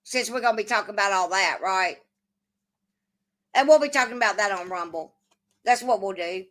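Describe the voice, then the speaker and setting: Medium in pitch, a bit bright, and at normal speed, a woman hosts a casual livestream. Her manner is profane and combative: she curses often, talks back to chat, and answers their messages.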